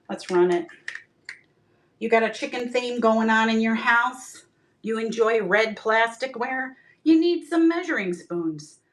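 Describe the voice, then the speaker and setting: A woman selling items on a live stream in a bubbly, chatty way, greeting viewers by name and joking. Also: fairly high pitch. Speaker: live-stream auction seller. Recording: echoey room, mic far off.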